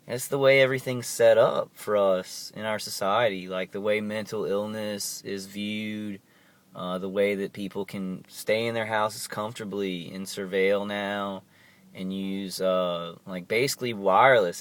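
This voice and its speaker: A young man with a lowish voice speaks in an agitated, rambling way, circling back over the same words again and again. He talks to his camera from home in a loose, unscripted monologue. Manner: agitated, rambling, repeats himself. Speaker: vlogger. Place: inside his house.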